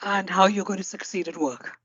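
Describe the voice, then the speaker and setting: A woman hosting an interview podcast who speaks in a measured, deliberate way and sums up her guest's points. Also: medium pitch, fairly bright tone, breathy edge, no room sound, highs cut off. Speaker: podcast host.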